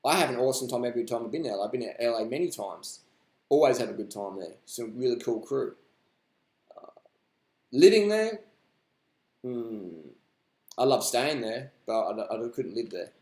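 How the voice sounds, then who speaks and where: A man's voice: medium pitch, expressive, normal speed, pauses often, a little mellow, roomy sound. A man hosting a live stream, answering viewer questions in a blunt, rambling, profane way. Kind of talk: casual unscripted live stream chat.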